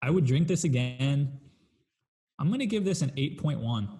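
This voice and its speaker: A man's voice: medium pitch, expressive, normal speed, dark tone. A man co-hosting a podcast in casual chat, easygoing with dry humor. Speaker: podcast co-host.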